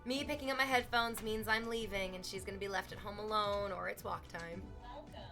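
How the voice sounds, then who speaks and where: A woman's voice: mid-range voice, fairly quick, over music. A woman streaming from home, chatting casually with viewers in a playful, teasing way, swearing freely.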